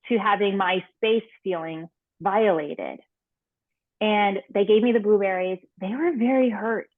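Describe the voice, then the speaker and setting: A woman's voice: medium pitch, no echo. Woman coach on a tinny call line. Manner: candid, reflective storytelling. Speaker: confidence coach. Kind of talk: storytelling in an online workshop. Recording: tinny phone-like call audio.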